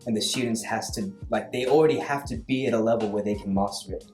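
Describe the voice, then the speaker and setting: Animated young Australian guy. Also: lowish voice, fast talker. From Western Sydney, Australia. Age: young adult. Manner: animated storyteller, acts out dialogue. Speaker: former student, guest. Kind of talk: casual chat. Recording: echoey room with faint music.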